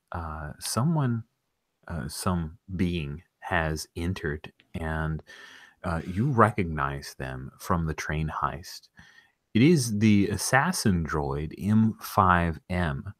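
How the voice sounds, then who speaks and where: Man, game master, very deep voice, unhurried, meandering, dry close sound. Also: dry recording. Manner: relaxed, meandering, with many fillers. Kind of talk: narrating a tabletop game.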